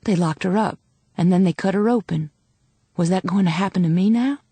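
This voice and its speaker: A woman reads an audiobook with a measured, dramatic first-person delivery. Her voice sits on the low side and the recording is close and dry, with no room sound. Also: warm tone, husky, no echo. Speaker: audiobook narrator. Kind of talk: scripted audiobook narration.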